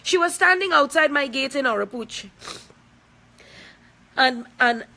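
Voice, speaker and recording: A woman's voice: sits high, animated, unhurried, creaky, sharp tone. A woman, speaking out in a confrontational, emphatic personal video, repeating points for force. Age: 40s. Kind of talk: angry personal video statement.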